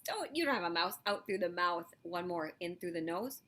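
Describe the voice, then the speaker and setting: Woman, classroom video lesson, encouraging, lively, slightly low voice. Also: moderate pace, hardly any pauses. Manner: lively, encouraging, talks directly to children. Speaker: teacher. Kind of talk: video lesson for elementary students.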